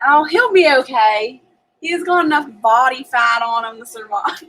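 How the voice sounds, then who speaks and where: Woman, fairly high voice, chatty live stream host, laughs often, home kitchen, faint background noise. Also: animated, normal speed. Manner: chatty, laughs often, reads out viewer comments. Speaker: homestead channel host. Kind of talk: casual live stream chat.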